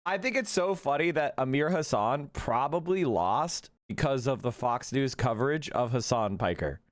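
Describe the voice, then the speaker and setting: A man hosting a political livestream, talking in a casual, profane, animated way with rapid asides. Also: mid-range voice.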